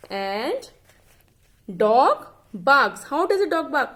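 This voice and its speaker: Slow, lively woman teacher. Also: sits high. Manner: slow, spells words letter by letter, imitates animal sounds. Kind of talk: online class lesson.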